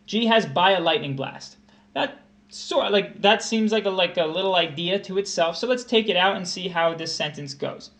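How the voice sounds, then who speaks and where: A young man with a slightly raised speaking pitch gives a livestreamed test-prep lesson. He works through a grammar question out loud, in a conversational way, often restarting and rereading the sentence. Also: normal speed.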